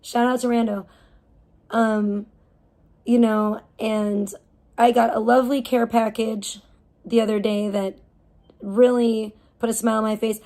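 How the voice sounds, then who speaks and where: Lady streamer going off on a rant, lots of cussing, kinda high voice, keeps restarting her sentences. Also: flat delivery, unhurried, dark tone. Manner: profane, heated ranting; rambling with frequent restarts. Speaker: live streamer. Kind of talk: casual livestream rant.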